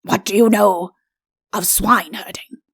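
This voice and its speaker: A woman's voice: medium pitch, fairly even intonation, measured pace, husky, no echo, studio quality. A woman voicing a genial, bumbling male fairy-tale king, hearty and exclaiming.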